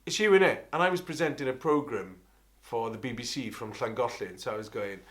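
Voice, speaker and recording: A middle-aged Welsh man with a bright, forceful voice spins a rambling anecdote, interrupting and correcting himself as he goes. He has the easy projection of a trained opera singer, and he moves between chatty asides and sudden bursts of energy. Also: mid-range voice, a little fast. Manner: animated, rambling, self-interrupting raconteur. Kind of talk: anecdotal storytelling.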